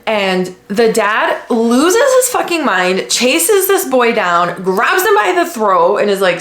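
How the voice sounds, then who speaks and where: A woman from the United States hosting a podcast, talking in a blunt, casual way with lots of swearing and animated retellings. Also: fairly high pitch. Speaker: podcast host. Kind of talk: casual commentary. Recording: echoey room.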